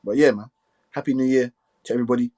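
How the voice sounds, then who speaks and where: A man hosting a casual live stream, talking quickly and filling his speech with "you get me". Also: medium pitch, fairly even intonation, dark tone. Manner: fast, repetitive filler "you get me".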